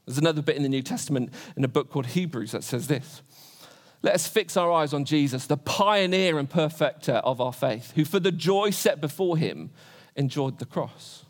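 A man in his twenties preaching a sermon, earnest, asking rhetorical questions again and again. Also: a little high. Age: 20s.

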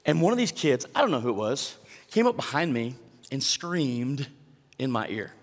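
A middle-aged man preaching a sermon as pastor, telling stories in an animated way that swings from hushed to loud. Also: medium pitch, normal speed. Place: large church hall. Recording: long hall reverb.

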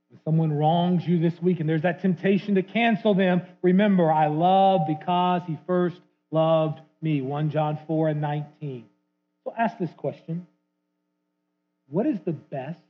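A man preaching a sermon as a guest preacher, swinging from loud acted-out quotes to hushed asides. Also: on the high side, husky. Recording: tinny narrow phone-like sound.

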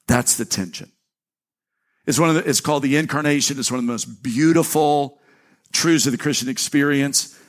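A man's voice: medium pitch, moderate pace. A man pastor preaching a sermon in a church, talking in a conversational way with restarts and repeated words, his voice lifting when he reads scripture aloud. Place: church sanctuary.

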